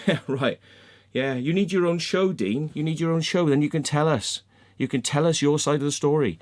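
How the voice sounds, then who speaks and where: Male vlogger, heated sweary rant, lively up-and-down delivery, fairly high voice. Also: moderate pace. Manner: sweary, heated, mocking, acts out quoted people. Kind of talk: angry rant to camera.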